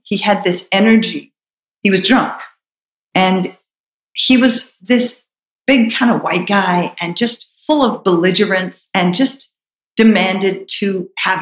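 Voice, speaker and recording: A woman's voice: medium pitch, reverberant, poor audio. A middle-aged woman telling a personal story in a reflective, earnest way, with hesitant restarts.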